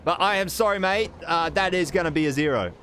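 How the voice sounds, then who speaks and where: A man voicing a gruff, blunt male bowling team captain who apologizes without meaning it. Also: on the high side, brisk, fairly bright tone, voice pushed up, natural voice.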